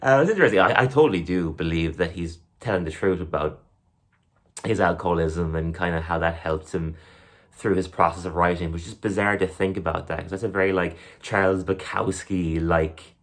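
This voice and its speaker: An Irish comedian who also hosts a podcast, he's young and talks slightly quickly in a low register, loosely riffing on his bits and playing characters in silly voices.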